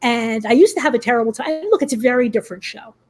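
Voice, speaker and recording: A woman's voice: on the high side, fast talker. A woman hosting a casual podcast, chatty and agreeable, often saying "right". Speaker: podcast host.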